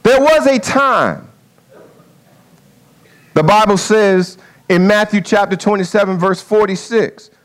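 A man preaching a sermon with an object lesson, in a folksy way that swings from quiet asides to loud dramatic calls. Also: sits high, slow pace, long pauses.

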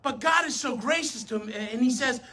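Emphatic preacher mid-sermon, sharp bright tone with a breathy rasp, addresses the room directly. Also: medium pitch, moderate pace. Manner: emphatic, swings between loud and soft; addresses the audience directly, self-correcting.

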